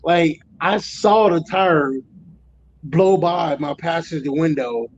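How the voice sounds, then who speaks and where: A man in his forties, a truck driver guest, telling road stories in a profane, animated casual way. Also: a little high, slow, highs cut off, slight background noise. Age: 40s. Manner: profane, animated storytelling with loud acted outbursts. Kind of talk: casual storytelling chat.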